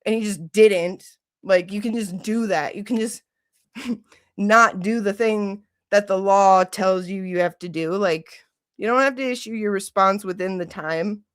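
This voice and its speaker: A woman's voice: mid-range voice, unhurried. A woman from Michigan hosting a livestream, chatting casually and ranting with lots of "like" and swearing. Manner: animated, ranting, heavy use of "like", swearing. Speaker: livestream host.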